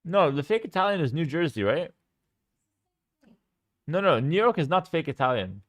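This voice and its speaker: A man chatting casually as a game streamer, animated and opinionated. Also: on the high side, moderate pace, dry recording. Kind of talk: casual chat.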